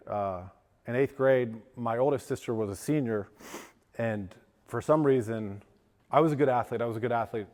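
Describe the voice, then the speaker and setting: A man from western Pennsylvania speaks earnestly at a lunch event, telling his recovery story with halting restarts. His voice cracks with feeling. The sound carries a long reverb from the hall, and his pitch sits in a mid range. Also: a little mellow. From western Pennsylvania, USA. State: voice cracking with emotion. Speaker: guest speaker. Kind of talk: personal recovery testimony speech.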